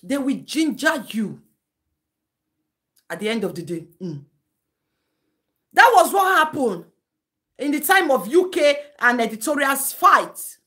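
A woman's voice: sits high, sing-song, slow, pauses often, a bit bright. A Nigerian woman hosting a live-stream gossip commentary, lecturing and scolding in a chatty way, laughing between her points.

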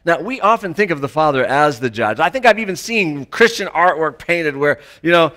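A man's voice: on the high side, lively intonation, moderate pace, pushed and bright. A man preaching a sermon in a conversational way, often putting rhetorical questions to the congregation and restarting his sentences with small stammers. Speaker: pastor.

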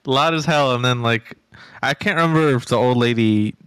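Man with a dry close sound, halting chat. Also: medium pitch, fairly bright tone, smooth, dry recording. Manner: halting, restarts, crude jokes. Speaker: podcast co-host. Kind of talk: casual film review chat.

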